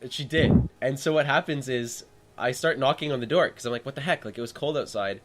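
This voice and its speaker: A man's voice: mid-range voice, brisk. A young man hosting a podcast, telling a story animatedly and often laughing. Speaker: podcast host. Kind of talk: casual storytelling chat. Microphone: call audio.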